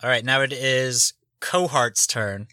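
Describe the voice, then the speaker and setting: A man's voice: mid-range voice, takes it slowly, bright, forceful tone, no room sound. A man narrating a tabletop game as game master, describing the action in a matter-of-fact way.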